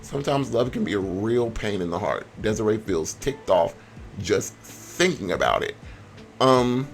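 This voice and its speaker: A young man giving casual, slangy commentary on a life-sim game, animated and given to sudden high squeals. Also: a little slow, faint music behind. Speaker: gameplay vlogger.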